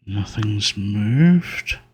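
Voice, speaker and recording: A man's voice: fairly low pitch, lively intonation, very slow, breathy edge. A man giving solo gameplay commentary, muttering to himself and talking to the game as he plays. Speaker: gaming video creator.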